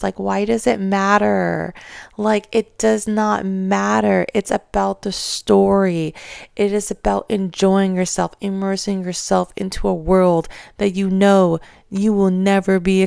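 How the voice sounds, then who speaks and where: A woman vlogger ranting casually about her opinions, animated and mocking. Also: mid-range voice, creaky, dry recording, studio quality. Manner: animated, mocks others in exaggerated voices.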